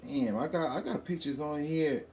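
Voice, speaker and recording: A man hosting a casual livestream, shouting hype greetings to viewers by name and rambling in loose asides, a little hungover. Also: fairly high pitch, moderate pace, a little hiss or hum. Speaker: livestream host.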